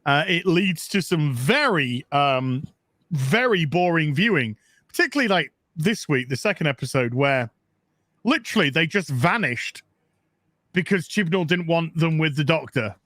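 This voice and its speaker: A man's voice: on the high side, expressive, normal speed, a bit bright, no room sound. A man in casual chat as a podcast co-host, frank and opinionated, swearing freely. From England.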